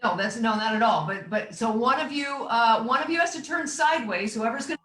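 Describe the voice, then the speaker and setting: A woman co-hosting a comedy game show over a video call, brash and teasing with quick asides. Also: on the high side, lively intonation, a bit bright, echoey room.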